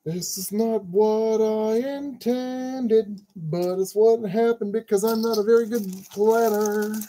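A man's voice: sits high, steady tone, takes it slowly, dark tone, rough recording. A man hosting a crafting video, chatting casually and joking at his own expense while he sorts kit parts. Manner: chatty, self-deprecating, talks to himself while sorting parts. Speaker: crafting channel host. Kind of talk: casual narration while building a model kit.

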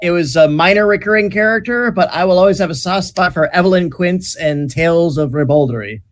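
A man's voice: sits high, brisk. Hesitant male panel host. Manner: hesitant, with many "uh"s and restarts. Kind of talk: hosting an online fan panel. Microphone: video call.

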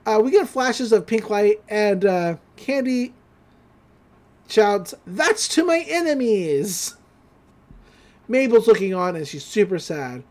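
A woman's voice: mid-range voice, lively intonation, measured pace, mellow. A woman hosting a podcast, recapping a cartoon episode in a chatty, giggly way with lots of fillers. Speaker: podcast host.

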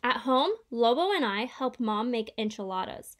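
A woman reading a children's picture book aloud in a steady, clear storytelling way. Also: a little high, moderate pace. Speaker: reader.

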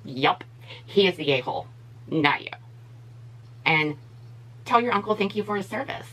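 A woman's voice: on the low side, animated, normal speed, pushed and bright, poor audio. A woman beauty vlogger giving blunt, opinionated commentary in a casual chat while she does her makeup.

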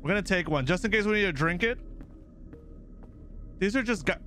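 Excitable young man commenting a game. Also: high-pitched, brisk, soft background music. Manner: excitable, yelling and laughing. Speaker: gaming video host.

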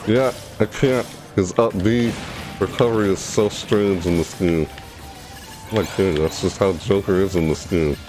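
Excitable young man with a low voice. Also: normal speed. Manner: excitable, yelps and shrieks high when hit. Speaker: gaming YouTuber. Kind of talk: live gameplay commentary. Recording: game music playing behind.

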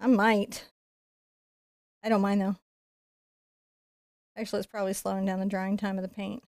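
A woman's voice: medium pitch, little pitch movement, moderate pace, no room sound, studio quality. Chatty woman teaching painting. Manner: chatty and playful, quietly focused while painting. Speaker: painting instructor. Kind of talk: live-streamed painting lesson.

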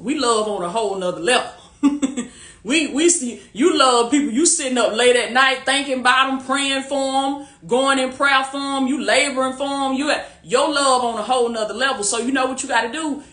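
Bright-voiced woman rallying her livestream. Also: on the high side, reverberant. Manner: repetitive, rallying, preachy and warm-hearted, laughs often. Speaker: faith-based life coach hosting a livestream. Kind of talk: casual livestream pep talk. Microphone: phone or webcam on a live stream.

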